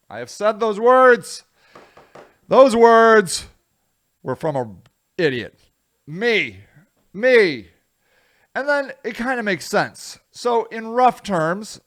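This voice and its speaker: A high-voiced American man hosts a casual solo commentary vlog, rambling and poking fun at himself. His loudness swings widely from moment to moment.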